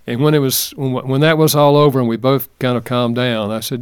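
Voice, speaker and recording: An older man, an author and guest, telling a personal story in an earnest, gentle and measured way during an interview. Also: medium pitch, steady tone, clean tone, dry recording, studio quality.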